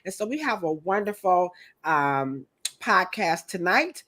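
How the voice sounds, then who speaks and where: A woman co-hosting a hair podcast in a chatty, animated way, turning often to her co-host. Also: fairly low pitch, measured pace. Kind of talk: casual podcast chat.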